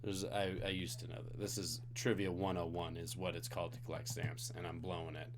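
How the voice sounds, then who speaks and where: A man's voice: sits low, little pitch movement, a little fast, background noise. A tired man hosting a live-streamed trivia game, reading out questions and joking with the chat between them. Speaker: trivia host.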